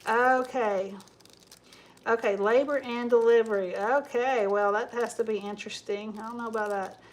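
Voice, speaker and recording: A woman's voice: fairly high pitch, steady tone, normal speed. A woman hosting a live crafting stream, chatting casually in a rambling way and reading viewer comments aloud as she works. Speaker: craft livestream host.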